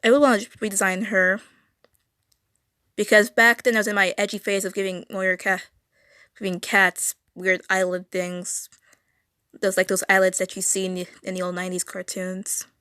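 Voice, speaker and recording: Teen girl streamer, mid-pitched, rambling and stuttering, dry close sound. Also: level tone, normal speed, sharp tone, smooth, no echo. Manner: rambling, stuttering, self-correcting. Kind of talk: casual drawing livestream chat. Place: home room.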